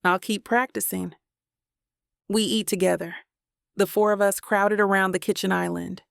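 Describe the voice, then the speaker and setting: A woman narrates a first-person romance audiobook in an intimate, even storytelling way. Her voice has a gravelly, fried edge at a middle pitch. The recording is dry and close, with no room sound at all. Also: normal speed, dry recording.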